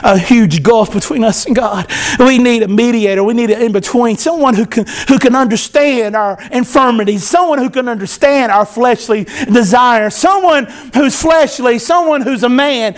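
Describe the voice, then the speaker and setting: Preacher guy, real high voice, gets loud then quiet, lively sermon. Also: moderate pace. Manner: animated preaching, swings from loud to soft. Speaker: pastor.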